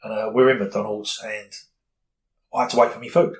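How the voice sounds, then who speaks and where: A man's voice: fairly low pitch, little pitch movement, normal speed, rough recording. A middle-aged man, candidly telling a personal story in an interview, rambling with many fillers.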